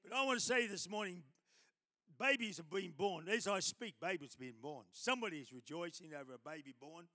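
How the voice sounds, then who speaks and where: Bright-voiced, animated preacher man. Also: high voice, a little fast. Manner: animated storytelling, acting out dialogue. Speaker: pastor. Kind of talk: sermon. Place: church.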